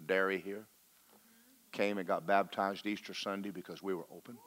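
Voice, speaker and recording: Pastor, male, folksy sermon delivery with jokes and drawn-out emphasis. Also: sits low, steady tone, a bit bright. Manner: preacherly, folksy and joking, slows for emphasis.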